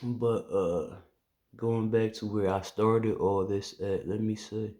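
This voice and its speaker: A man's voice: fairly low pitch, fairly even intonation, slow, warm tone. A man who works as a police officer, telling a personal story to camera in an earnest, conversational way with loose phrasing and restarts.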